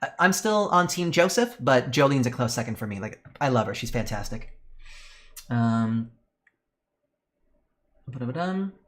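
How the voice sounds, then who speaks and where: A man's voice: medium pitch, moderate pace, fairly bright tone. Profane ranting man streaming live. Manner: chatty, reads and answers chat. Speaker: game streamer. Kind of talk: casual live-stream chat.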